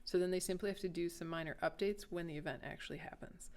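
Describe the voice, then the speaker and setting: A woman's voice: on the low side, fairly even intonation, fast talker, a little mellow. A woman who teaches English, chatting casually on a school podcast and explaining things patiently. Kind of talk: casual chat.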